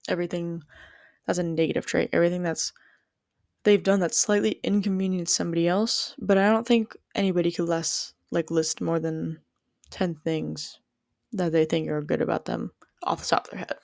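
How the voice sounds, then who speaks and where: A woman's voice: fairly low pitch, steady tone, normal speed, vocal fry, a little mellow, dry recording, studio quality. A young woman telling a personal story and musing on whether she is a good person, rambling with plenty of "like" and restarts. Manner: rambling, heavy use of "like", frequent restarts.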